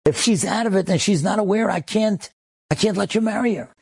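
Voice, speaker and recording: An older rabbi speaks in a gentle but firm, measured way, voiced by a man telling the story. The voice is gravelly and husky. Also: high voice, no room sound, voice pushed up, full character voice.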